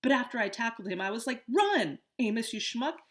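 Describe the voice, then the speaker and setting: A woman voicing a calm, easygoing, brave schoolboy of about twelve. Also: on the high side, a little fast, voice pushed up, natural voice. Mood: excited. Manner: laid-back, easygoing.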